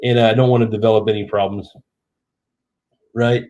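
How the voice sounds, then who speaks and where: A man's voice: lowish voice, level tone, moderate pace, dark tone, highs cut off. A man in his thirties, tipsy, hosting a live stream in chatty, rambling casual talk. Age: 30s.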